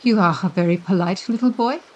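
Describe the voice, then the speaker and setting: Female reader as a prim, shrill French governess, broken English, mid pitch. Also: fairly quick, darkish tone, close to an everyday voice, poor audio. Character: French governess, prim, brisk, then softening.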